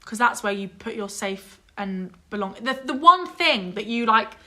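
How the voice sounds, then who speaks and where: A young woman telling a story in casual chat, animated and exasperated, swearing freely and mimicking others. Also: a little high, normal speed. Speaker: vlog guest telling a story.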